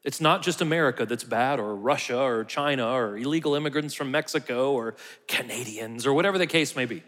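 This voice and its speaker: A man's voice: medium pitch, a little fast, a bit bright. Man preaching in a reverberant hall. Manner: conversational preaching, drops to near whispers for emphasis. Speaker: pastor. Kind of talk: sermon.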